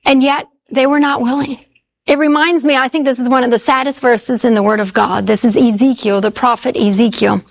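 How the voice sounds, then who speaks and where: A woman's voice: on the high side, fairly even intonation, fairly quick, vocal fry, rough recording. A woman preaching a sermon, telling stories earnestly and repeating key phrases for emphasis.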